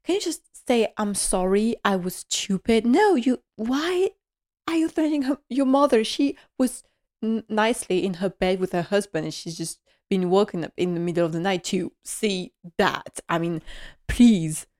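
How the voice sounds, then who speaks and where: A woman's voice: medium pitch, normal speed, darkish tone, no room sound, studio quality. Chatty woman recapping a drama series. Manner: chatty, laughs often, restarts sentences. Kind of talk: casual recap chat.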